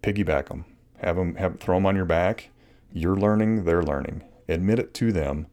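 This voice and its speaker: A man's voice: deep voice, moderate pace, darkish tone. A middle-aged man hosting a solo advice podcast, talking earnestly and casually with many restarts and fillers. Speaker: podcast host.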